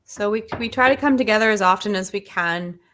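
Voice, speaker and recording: A woman hosting a casual group chat, speaking close to the microphone in a low, breathy radio voice. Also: a little fast, fairly bright tone, a little hiss or hum. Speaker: host.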